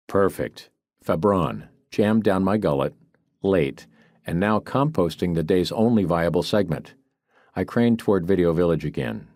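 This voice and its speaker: A man narrates an audiobook in first person with a very low, deep voice and a lively, swinging delivery. He sounds wry and quick with a joke. The recording is close and dry, with no room sound. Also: no room sound. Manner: wry, brisk, wisecracking storytelling. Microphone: studio microphone, close.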